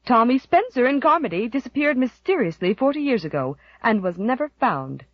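A woman reads a querulous elderly aunt, sharp-tongued and forever predicting the worst. Her voice leaps and dips expressively. The recording is dry and slightly muffled. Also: fairly high pitch, sing-song, a little fast, no echo, voice pushed up. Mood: ominous. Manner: complaining, dwells on dire omens. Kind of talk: audiobook character voice.

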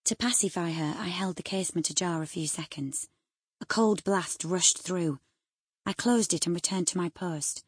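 Woman reading a classic novel out loud, super breathy voice, dry close mic. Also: on the low side, moderate pace, no room sound. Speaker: audiobook narrator. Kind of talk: scripted narration of a classic novel.

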